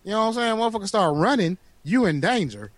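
A man's voice: high voice, lively intonation, fast talker, a little hiss or hum. A man co-hosting a podcast in casual, profane banter, laughing and teasing. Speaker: podcast co-host.

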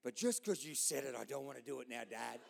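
A man's voice: mid-range voice, expressive, fast, creaky, slight background noise, voice pushed down. A man putting on the voice of his sulky, defiant young adult son, grumbling back in an echoey hall. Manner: grumbling, sullen back-talk.

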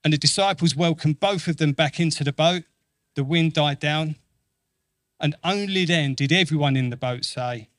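A man delivering a sermon with an earnest, repetitive emphasis, slipping into quoted voices as he tells the story. His voice sits a little high for a man. The sound is dry and close, with no room around it. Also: normal speed, dry recording. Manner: earnest, repeats phrases for emphasis; acts out quoted voices with lively shifts. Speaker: preacher.

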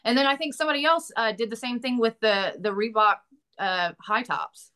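A woman's voice: a little high, moderate pace, sharp tone. A woman with a Southern US accent, an actress chatting casually in an interview, laughing often and swearing lightly. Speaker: actress guest.

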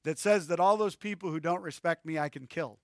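A man's voice: on the high side, brisk, a little mellow, dry recording, clean studio sound, close to an everyday voice. A man voicing a petty, vengeful royal official who complains in an aggrieved tone.

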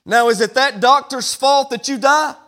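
Man, pastor, sermon, very high voice, emphatic preaching. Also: normal speed, pushed and bright. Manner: preaching with rising, emphatic declarations.

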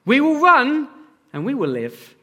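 A man's voice: very high voice, huge pitch swings, a little slow, pushed and bright, in a large hall, lo-fi sound, voice pushed up, full character voice. A man putting on a shaky Scottish accent that slips toward Irish to play a defiant rebel leader rallying his troops. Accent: shaky put-on Scottish, drifting Irish. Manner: declaiming a film speech.

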